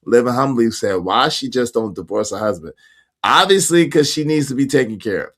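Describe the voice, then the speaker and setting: A man's voice: mid-range voice, animated, fairly quick, fairly bright tone. A man hosting a casual livestream, reading viewer comments aloud in a slangy, emphatic way with speech and frequent laughter. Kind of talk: casual chat.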